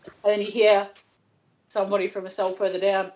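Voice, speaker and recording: A woman running a tabletop game as game master, talking casually and slipping into quick voices for side characters. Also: medium pitch, flat delivery, a little mellow. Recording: dull lo-fi sound.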